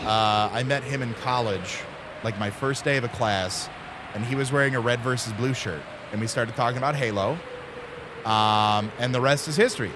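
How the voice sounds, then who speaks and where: Against a noisy background, this man in his thirties, a streamer, meanders through an offhand anecdote in a mid-range voice. He leans heavily on filler words and slips into little impressions of his friends.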